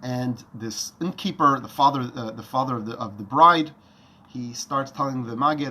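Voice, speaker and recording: Animated male storyteller with a bright voice. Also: medium pitch, normal speed, breathy edge. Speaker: Torah teacher. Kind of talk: storytelling lesson.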